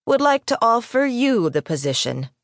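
A woman voices a sullen, reluctant middle-aged female head librarian who talks in a stiff, grudging way, pitching her voice above her natural one. Her delivery is fairly high and very animated at a moderate pace, captured as clean studio sound without echo.

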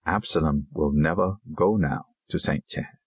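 A man voicing a patient, weary Zulu pastor's wife in an audiobook, speaking softly and pleadingly. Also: low-pitched, sing-song, normal speed, husky, no room sound, exaggerated voice. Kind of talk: audiobook character reading.

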